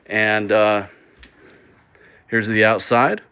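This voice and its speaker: Speaking extremely slowly, this man has a lowish voice with a steady, sharp, clean tone. He's live-streaming a walk-through vlog indoors in a small mobile home he's flipping, chatting upbeat and rambling with many fillers and restarts.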